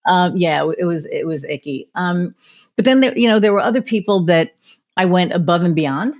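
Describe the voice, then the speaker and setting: A woman with a fairly low voice hosts a podcast in a loose, chatty way. She tells stories with lots of "you know," stops to act out what people said, and moves quickly from one anecdote to the next. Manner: animated anecdotes, acts out quoted voices; frequent fillers like "you know". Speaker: podcast host. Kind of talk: casual conversational storytelling.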